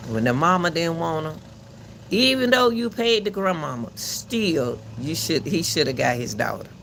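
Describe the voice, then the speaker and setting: Man with a loud coach's voice. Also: fairly high pitch, sing-song, normal speed, creaky, a little hiss or hum. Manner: emphatic and preachy, with repeated words. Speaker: channel host commenting on a court case. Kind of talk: casual spoken commentary.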